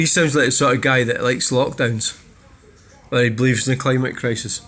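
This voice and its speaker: A man's voice: mid-range voice, moderate pace, fairly bright tone. Blunt, sweary Scottish man. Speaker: channel host. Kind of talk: ranting vlog, reading viewer comments.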